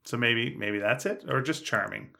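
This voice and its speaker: A man's voice: medium pitch, normal speed, gravelly, bright, forceful tone. A man co-hosting a film podcast, trading wry, teasing remarks in casual discussion. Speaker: podcast co-host.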